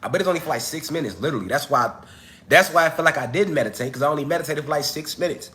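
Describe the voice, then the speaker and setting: A man's voice: on the high side, expressive, very fast, pushed and bright, a little hiss or hum. Loose-talking man livestreaming, slangy and direct. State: coughing, recovering from illness. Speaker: livestream host. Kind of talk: casual livestream chat. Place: at home.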